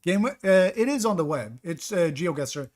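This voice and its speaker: A man's voice: high voice, lively intonation, normal speed. Man thinking aloud while streaming a game. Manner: thinks aloud, second-guessing himself. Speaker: streamer playing a geography game. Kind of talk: live-stream commentary reading chat.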